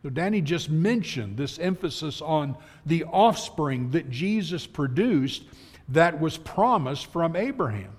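Male preacher, slow and animated, long church reverb. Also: a little high, breathy edge. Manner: earnest, emphatic, reads scripture slowly. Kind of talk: sermon. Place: church auditorium.

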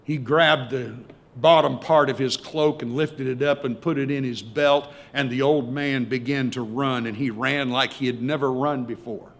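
A male preacher telling a story in a sermon, swinging between loud emphasis and hushed tones. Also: medium pitch, fairly even intonation, moderate pace.

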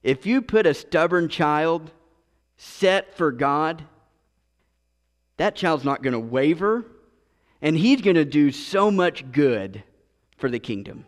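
A man's voice: a little high, animated, slow pace, pauses often. A man preaching a sermon as pastor, earnest, often repeating and restarting his words. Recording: long reverb of a large hall.

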